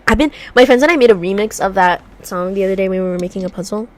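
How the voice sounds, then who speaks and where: A woman's voice: medium pitch, rapid-fire, hardly any pauses, a little mellow. A woman vlogging at home, chatting casually while she works on a puzzle, rambling through stories with a congested voice. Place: room at home by a heater.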